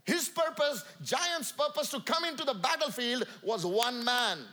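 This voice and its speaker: A man with an Indian accent preaching a sermon to a church congregation, swinging from loud calls to quiet asides. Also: extremely high pitch, measured pace. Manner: emphatic, rising and falling between loud calls and quiet asides. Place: church sanctuary.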